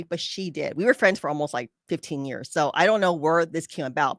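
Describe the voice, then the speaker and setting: Female podcast host, lower register, dry booth sound; conversational advice, animated quoting. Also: no echo. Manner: animated, acts out quoted friends. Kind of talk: casual storytelling advice.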